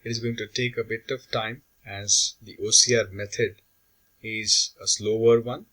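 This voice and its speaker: A man giving a slow, step-by-step software tutorial, walking through each action on screen. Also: on the low side, little pitch movement, rough recording.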